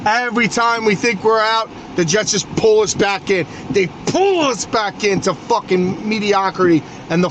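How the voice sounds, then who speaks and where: This is a new male podcast host with a high-pitched voice, delivering a hot-headed, foul-mouthed sports rant over a noisy background, tripping over his words and starting again.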